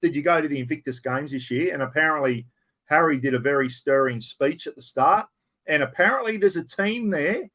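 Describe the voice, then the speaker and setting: A man's voice: on the high side, fairly quick, a bit bright. An Australian man hosting a casual livestream chat, rambling and blunt, often calling his viewers mate. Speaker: livestream host.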